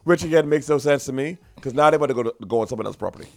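A man co-hosting a casual talk show, animated, his voice jumping high when he makes a point. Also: very fast, creaky, dry recording. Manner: animated, pitch jumps high when emphatic. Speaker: podcast co-host. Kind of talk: casual chat.

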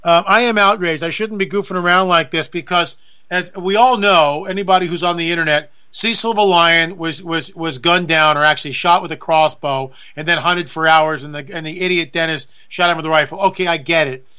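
A male talk show host rants through an indignant monologue. His voice is high and bright, with a forceful edge. He repeats himself to press every point. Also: a little fast, clean tone. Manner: indignant, repetitive, emphatic.

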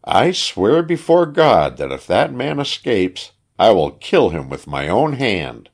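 A man reading an audiobook, voicing a grieving and vengeful wife in a raised falsetto, declaiming his lines. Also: big pitch swings, a little slow, full character voice. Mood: vowing revenge. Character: grieving vengeful wife, middle-aged woman.

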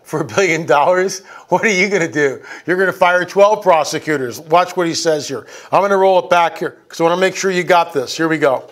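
A man's voice: on the high side, fairly quick, few pauses, fairly bright tone. A man giving an indignant, emphatic political commentary over video clips.

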